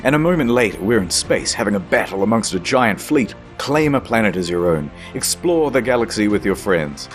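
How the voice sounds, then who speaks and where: A man of middle pitch narrating a comedy piece with a very animated, swooping delivery and an excited tone. Faint music sits underneath. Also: brisk, few pauses.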